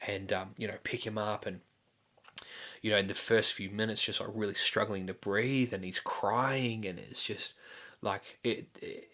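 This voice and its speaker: A man's voice: fairly low pitch, fairly even intonation, moderate pace, pushed and bright. A young man telling a personal story in a casual, rambling way, full of restarts, fillers and casual swearing. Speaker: podcast host.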